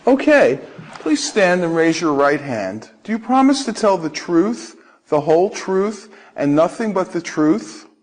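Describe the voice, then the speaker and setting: A formal male officer runs a citizenship interview, as a man plays him in a practice dialogue. He asks direct questions in a fairly high voice. His pitch swings up and down a lot. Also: very animated, measured pace, heavily acted.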